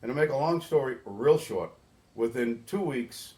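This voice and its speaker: A man's voice: medium pitch, animated, moderate pace, dark tone. A middle-aged man from New England, a guest in an interview, telling a long story earnestly and with feeling, often restarting his sentences. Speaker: interview guest, boatyard volunteer organizer.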